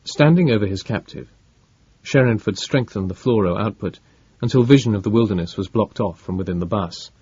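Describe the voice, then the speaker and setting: A male audiobook narrator with a husky, fairly low voice, reading in a measured and dramatic way. The sound is dry, with no room around it, and slightly dull at the top. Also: darkish tone, dry recording.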